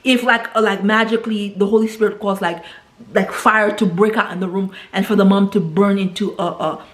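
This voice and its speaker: Woman, casual film recap, chatty, mid-pitched, tags lines with "right?". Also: fairly even intonation, fairly bright tone. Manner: chatty, retells scenes with quick quoted voices, frequent tag "right?". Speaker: vlogger reviewing films.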